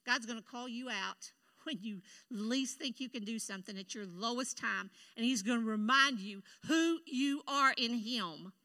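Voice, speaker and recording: A woman delivers a sermon in a church. Her voice sits high and rings very bright. She preaches with emphatic, animated energy and drops quick asides to the congregation. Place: church sanctuary.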